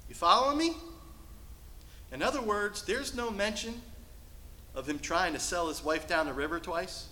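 A male pastor preaching a sermon from the pulpit, shifting between loud, emphatic lines and hushed, soft passages. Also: sits high, moderate pace, echoey room, poor audio. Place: church sanctuary.

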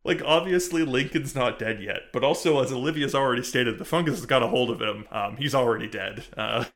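Chill guy recapping a tv episode, ums and uhs everywhere, mid-pitched voice. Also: fairly quick, a bit bright. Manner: laid-back, many ums and uhs, laughs often. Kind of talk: casual chat recapping a TV episode.

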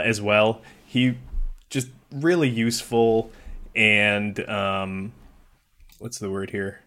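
A man's voice: medium pitch, a bit bright. A man co-hosting a podcast in casual chat, rambling with restarts and easy laughter. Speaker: podcast co-host.

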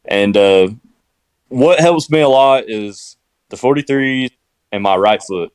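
A man's voice: mid-range voice, expressive, slow pace, a little mellow, clear, resonant tone, dry recording. A man with a Southern US accent, rambling and laid-back as a guest in casual podcast chat.

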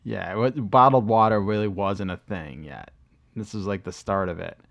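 A man's voice: on the low side, normal speed, gravelly, fairly bright tone. A man, co-hosting a podcast and telling rambling, profane stories in casual chat. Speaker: podcast co-host.

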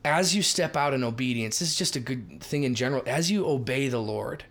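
A middle-aged man from Minnesota, telling ministry stories in a lively, emphatic way as a podcast guest. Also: medium pitch. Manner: lively, emphatic, quick shifts in loudness. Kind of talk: animated storytelling in a podcast chat.

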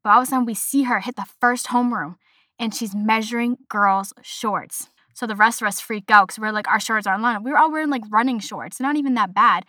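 A young woman in her twenties hosts a casual solo podcast, ranting with chatty exasperation and imitating other people in quotes. Her voice is fairly high, bright and forceful, and she talks fairly quickly. The recording is studio quality with no echo.

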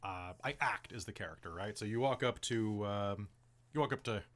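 A man with a lowish voice, speaking at a moderate pace, hosts a laid-back podcast of game-master tips. His talk is chatty and rambling, packed with "like" and "um".

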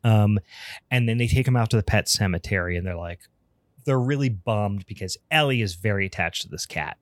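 A man's voice: lowish voice, fairly quick, no room sound. A man co-hosting a podcast, recapping a film in casual, rambling talk full of fillers and swearing. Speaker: podcast co-host.

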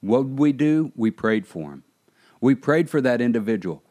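A man's voice: medium pitch, lively intonation, moderate pace, warm tone. A middle-aged man, a pastor, delivering an earnest podcast sermon that builds in fervor. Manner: earnest preaching, rising in fervor.

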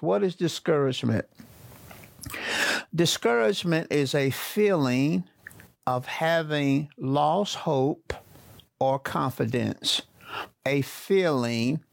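Slow gravelly preacher man. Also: medium pitch, dry recording. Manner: slow, repeats key phrases for emphasis. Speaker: pastor. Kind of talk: sermon.

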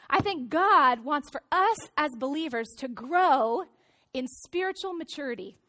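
Woman, pastor, very high voice, sermon, church auditorium, conversational storytelling. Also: a bit bright.

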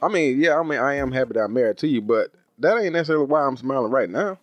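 A man's voice: mid-range voice, expressive, fast, dry recording, dull audio, soft background music. A man co-hosting a podcast, trading playful, teasing banter. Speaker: podcast co-host.

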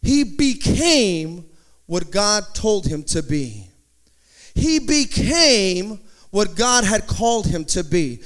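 A pastor preaching a sermon in an animated, conversational way, with joking asides. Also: male voice, high voice, takes it slowly. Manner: slips into playful put-on accents in quotes.

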